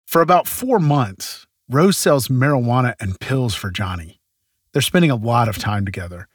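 A man narrating a true-crime podcast from a script in a measured way, with the odd wry aside. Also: mid-range voice, animated, no room sound, studio quality. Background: faint guitar music.

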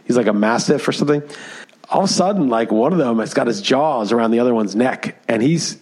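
A man co-hosting a podcast, telling a story in casual chat, animated and full of fillers. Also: mid-range voice, fast, husky. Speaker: podcast co-host.

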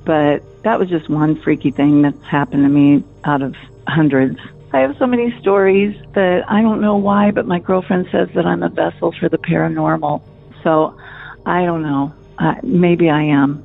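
A woman in her fifties tells her story down a tinny phone line. She talks in a chatty, animated way, with nervous laughs along the way. Her voice has a gravelly grain, with faint music behind her. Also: low-pitched, normal speed. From Minnesota. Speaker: caller.

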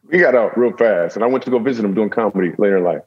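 Husky, lowish man, comedian guest, jokey storyteller, dull lo-fi recording. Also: animated, fast talker. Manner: jokey, with self-deprecating asides. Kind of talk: humorous storytelling in a conversation.

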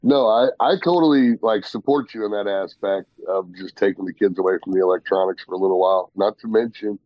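A man's voice: lowish voice, fairly quick, no echo, highs cut off. A man in casual podcast chat, reminiscing agreeably about childhood. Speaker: podcast co-host.

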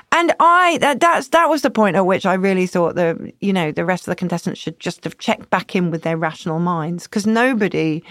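A woman journalist talking casually on a podcast, animated and thinking aloud with frequent restarts. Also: medium pitch, dry recording, studio quality. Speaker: journalist guest.

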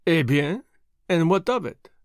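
A man's voice: on the high side, animated, unhurried, clean tone, no room sound, clean studio sound. A man voicing a fussy, vain foreign detective with a formal, precise manner. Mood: animated.

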